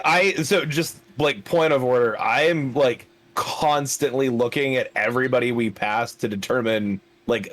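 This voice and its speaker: A man's voice: fairly low pitch, a bit bright. A man playing a tabletop game over a video call, chatting casually and rambling with filler words. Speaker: player.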